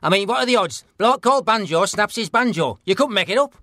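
An actor playing a blunt, deadpan middle-aged northern English ex-stalker, in a mock documentary interview. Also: male voice, high-pitched, quick pace, no room sound, studio quality. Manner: deadpan, blunt, plain-spoken.

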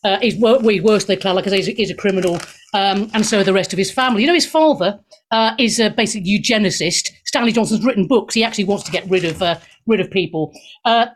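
A woman's voice: medium pitch, fast talker. A woman hosting a talk show, delivering a sarcastic, mocking and indignant monologue. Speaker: show host.

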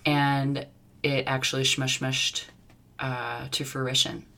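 A woman co-hosting a podcast in casual chat, with a slight lisp, who rushes and trips over her words. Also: extremely low pitch, flat delivery, sharp tone. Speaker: podcast co-host.

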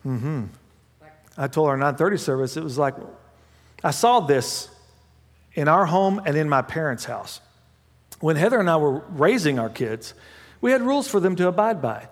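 A man preaching a sermon as pastor, mixing humorous family stories with hushed prayer. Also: fairly high pitch, expressive, normal speed, pauses often. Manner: dramatic swings from loud to hushed prayer; humorous storytelling with laughs. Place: church sanctuary. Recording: long hall reverb.

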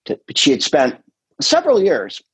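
A middle-aged man, a comedian and podcast host, chatting casually in a rambling, animated way, full of quoted voices and swearing. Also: a little high, moderate pace, slightly rough, no room sound, low-quality recording. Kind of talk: casual chat.

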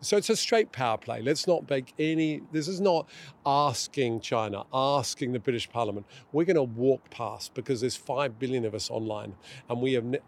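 A man's voice: medium pitch, moderate pace. Emphatic middle-aged man. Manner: emphatic, acts out quoted voices. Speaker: author and guest. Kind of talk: conversational interview.

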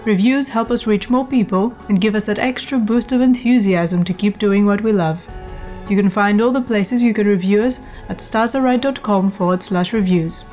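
A woman's voice: mid-range voice, moderate pace, a little mellow. A woman with a mid-range voice reads a scripted podcast outro in an upbeat way, thanking her listeners. Faint music plays under her. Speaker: podcast host.

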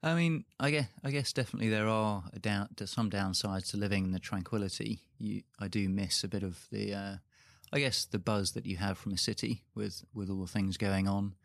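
A man's voice: on the low side, steady tone, brisk, creaky, hardly any pauses, no room sound, studio quality. A man from Guernsey answering as an interview guest, hesitant, with a lot of fillers.

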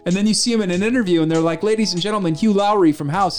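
Male podcast co-host, casual and animated, pitched slightly high, faint music bed. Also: racing. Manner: animated, jumps into exaggerated impressions. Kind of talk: casual chat.

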